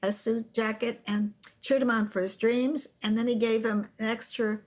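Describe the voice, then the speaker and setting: Older female guest, animated storyteller on a podcast. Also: fairly high pitch, normal speed. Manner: animated storyteller who acts out quotes. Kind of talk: storytelling interview.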